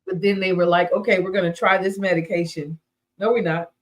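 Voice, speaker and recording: A woman hosting a talk show, chatting casually in a lively, colloquial way with an animated manner. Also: lowish voice, a little fast. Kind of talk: casual chat.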